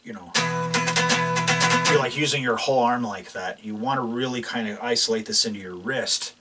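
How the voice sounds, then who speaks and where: A man's voice: mid-range voice, normal speed, far from the mic. A man teaching a casual guitar lesson, explaining loosely with lots of fillers and restarts. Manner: relaxed, explains while playing, many fillers and restarts. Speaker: guitar instructor. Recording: voice from off mic, guitar playing behind.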